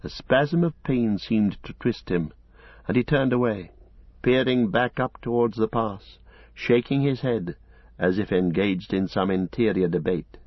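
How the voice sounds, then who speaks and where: A man narrating a story in a measured, expressive storytelling manner. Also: on the low side, no room sound, lo-fi sound. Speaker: audiobook narrator. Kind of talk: scripted narration.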